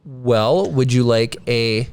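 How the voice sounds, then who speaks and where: A man's voice: mid-range voice, takes it slowly, darkish tone, clear, resonant tone. A man co-hosting a podcast, joking around playfully in casual live-stream chat. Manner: playful, jokey. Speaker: podcast co-host.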